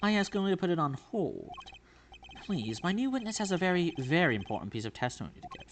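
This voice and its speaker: A man voicing a smug, scheming male prosecutor in a video game, speaking slowly and condescendingly. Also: high voice, big pitch swings, a little hiss or hum, pitched above the performer's own voice. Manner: slow, drawn-out, condescending. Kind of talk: reading game dialogue aloud.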